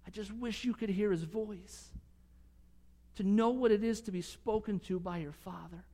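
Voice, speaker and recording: A man preaching a sermon earnestly, swinging from emphatic conviction to soft, hushed moments. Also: high-pitched, normal speed, long reverb tail. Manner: earnest, rising to emphatic conviction, dropping to soft near-whispers. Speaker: pastor.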